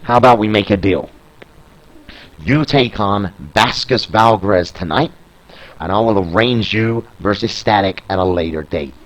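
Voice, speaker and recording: A man reading out the lines of a persuasive, businesslike male wrestling promotion owner in his own low voice. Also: unhurried, close to an everyday voice, poor audio.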